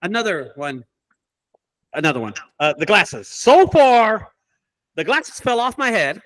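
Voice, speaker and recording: A man with a somewhat high-pitched voice tells rambling stories to a group, swearing constantly. His delivery is animated and casual, like a business owner chatting with peers. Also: normal speed. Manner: profane, animated storyteller. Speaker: junk removal business owner. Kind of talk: casual group call storytelling.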